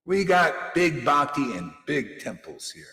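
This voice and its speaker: A man's voice: a little high, big pitch swings, unhurried, gravelly, sharp tone. Fiery preacher man in an echoey hall. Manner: confrontational, rambling, keeps saying "see" and "man". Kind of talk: informal devotional sermon. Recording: echoey hall with long reverb.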